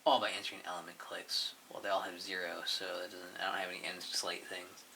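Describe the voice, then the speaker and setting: A man with a lowish, very bright and cutting voice, rambling casually through commentary on his own channel. He mumbles along and swears offhandedly, in a loose, unscripted way. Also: flat delivery, fairly quick, creaky, a little hiss or hum. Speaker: YouTuber reviewing his channel.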